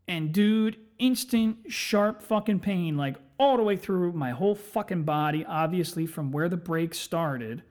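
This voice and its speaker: A man's voice: high voice, measured pace, few pauses, darkish tone. A man hosting a solo podcast, telling rambling, profane, self-mocking stories. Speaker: podcast host. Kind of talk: casual solo storytelling.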